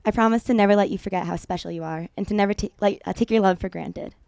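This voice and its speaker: A woman's voice: mid-range voice, fast, vocal fry, a little mellow, no room sound. A young American woman reading her wedding vows, tender and close to tears. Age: young adult. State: teary. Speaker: bride.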